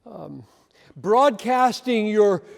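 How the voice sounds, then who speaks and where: A male preacher giving an impassioned, emphatic sermon, swinging between loud emphasis and quiet asides. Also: sits high, expressive, drawn-out words, vocal fry, big-room sound.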